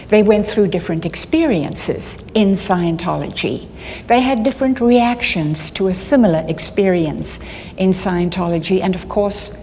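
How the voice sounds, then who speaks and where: An older woman speaking at a conference, telling a personal story in a halting way, often restarting her sentences. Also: medium pitch, mellow. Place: conference hall. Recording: long hall reverb, faint background noise.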